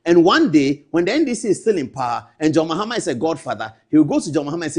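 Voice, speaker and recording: A man's voice: a little high, big pitch swings, racing, few pauses, breathy edge. A Ghanaian man hosting a political talk show, giving emphatic, scolding commentary.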